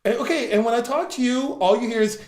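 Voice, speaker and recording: Man playing a cheap, placating boyfriend. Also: very high-pitched. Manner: hurried, placating, repeats himself. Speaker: improviser. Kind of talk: improvised comedy scene. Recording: roomy reverb.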